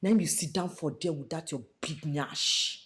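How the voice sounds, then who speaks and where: A woman's voice: low voice, normal speed, natural voice. An actress with a Nigerian accent playing a mocking young woman who taunts her friend in English and Pidgin. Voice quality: sneering, mixes English and Pidgin.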